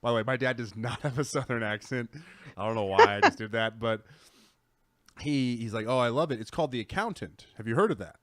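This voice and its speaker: Brief: man, mid pitch, dry close sound, rambling podcast co-host. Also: brisk, a bit bright, no echo. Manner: rambling, self-correcting, enthusiastic. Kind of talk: casual chat.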